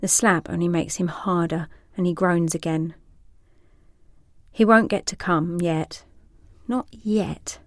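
Woman narrator with a low voice for an adult audio story. Slow and sensual, with a dry close sound. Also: steady tone, no room sound. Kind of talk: scripted erotic story narration.

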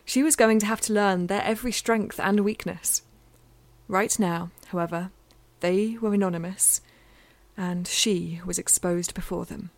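A woman reading a novel aloud in a measured, intimate way, sometimes dropping to a near-whisper. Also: medium pitch, fairly even intonation. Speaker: audiobook narrator. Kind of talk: scripted fiction narration.

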